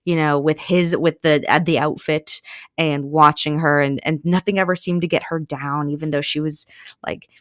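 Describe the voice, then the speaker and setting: A woman's voice: low voice, moderate pace, dry recording, studio quality. A woman co-hosting a podcast, chattily retelling a novel's plot with lots of fillers. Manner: chatty, animated, many fillers. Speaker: podcast co-host. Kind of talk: casual book recap.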